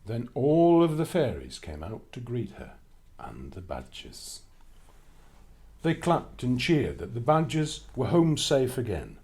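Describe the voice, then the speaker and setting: A man narrating a children's storybook with an expressive, lively reading. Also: medium pitch, slow.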